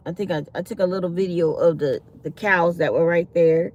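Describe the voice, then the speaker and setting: Her fairly low, darkish voice holds a steady tone at a fairly quick pace, and the recording sounds muffled. She hosts a casual livestream, chatting to viewers as y'all and acting out quotes while telling stories.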